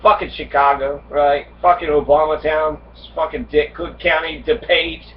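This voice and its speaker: A man's voice: on the high side, flat delivery, moderate pace. A man giving a casual history lecture, reading passages and then riffing on them with heavy profanity. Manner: acts out immigrants' complaints in angry voice. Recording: dull distant lo-fi recording with faint noise.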